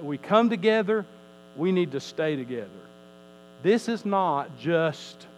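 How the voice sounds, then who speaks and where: A man's voice: on the high side, slight background noise, rough recording. A male pastor preaching a sermon, emphatic, his voice rising and falling, often repeating words as he teaches.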